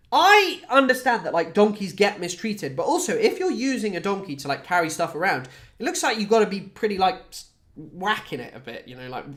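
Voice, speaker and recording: A man's voice: high-pitched, a bit bright. Sardonic Scottish man chatting on stream. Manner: rambling, profane, sardonic, with frequent fillers. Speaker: streamer and comedian. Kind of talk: casual chat stream.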